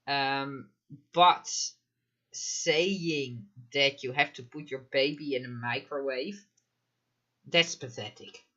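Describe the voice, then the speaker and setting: A man's voice: mid-range voice, takes it slowly, sharp tone, highs cut off. A man commenting live in a casual chat, emphatic, firing off rhetorical questions and frequent fillers. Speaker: mental health commentator.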